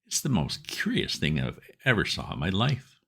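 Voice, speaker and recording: Brief: man doing a curious polite girl in a storybook, earnest and prim, gravelly timbre. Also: low voice, wildly swooping pitch, moderate pace, sharp tone, full character voice.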